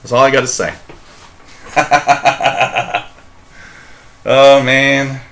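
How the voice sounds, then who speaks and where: A man's voice: mid-range voice, level tone, extremely slow, a bit bright. A man from Canada hosting a live shortwave radio show, chatting in a rambling, jokey way, reading out chat messages and laughing often.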